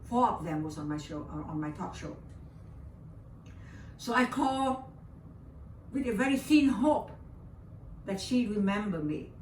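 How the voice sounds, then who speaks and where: An older Vietnamese woman, a guest in an interview, tells a personal story with feeling in English, her second language, repeating her words often. Her medium-pitched voice has lively intonation, a little slow with frequent pauses, and a Vietnamese accent. The recording sounds roomy and distant, with faint background hiss.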